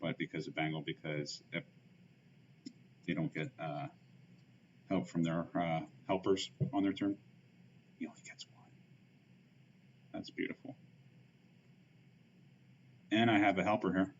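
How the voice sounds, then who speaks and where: Deep-voiced dude mumbling thru his card game stream, lots of uh and um, dull audio. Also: level tone, moderate pace, pauses often, a little hiss or hum. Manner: thinks aloud with many fillers, muttering asides. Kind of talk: casual game commentary.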